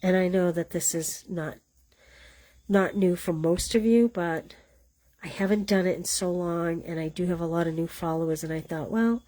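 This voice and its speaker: A woman with a Boston accent teaches card stamping live, keeping up a chatty, self-teasing patter as she explains each step. Her voice is on the low side, warm and steady, at a moderate pace.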